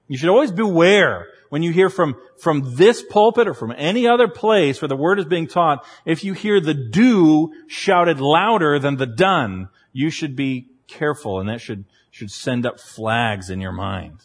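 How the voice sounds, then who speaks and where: A man's voice: fairly high pitch, expressive, normal speed, breathy edge. Man preaching in a reverberant hall. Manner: conversational, teacherly, with humorous asides. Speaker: pastor. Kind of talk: sermon. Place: church sanctuary.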